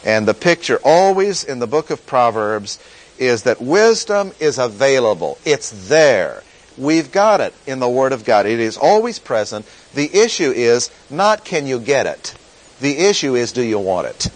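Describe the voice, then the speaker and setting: A man teaching through a Bible passage in a sermon, deliberate and emphatic, repeating key phrases. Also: mid-range voice, big pitch swings, low-quality recording. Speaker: pastor teaching.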